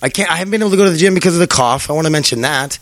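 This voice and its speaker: A man's voice: on the high side, very fast, a bit bright, no room sound. A young man hosting a podcast in a rambling casual chat, swearing and laughing as he talks. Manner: rambling, profane, laughs often. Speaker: podcast host.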